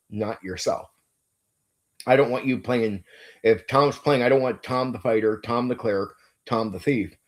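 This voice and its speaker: Speaking on the low side with a darkish tone, a man who hosts his own channel and runs tabletop games gives a blunt, emphatic monologue about his approach. Swearing comes often, as do casual fillers such as "like, dude."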